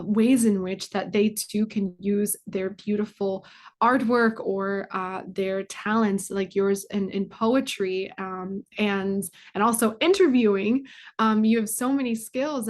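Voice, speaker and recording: Young adult woman, interview guest; earnest, halting, filler-heavy delivery. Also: mid-range voice. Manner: heartfelt, many fillers and restarts. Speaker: guest, foundation communications manager. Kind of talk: casual interview answer.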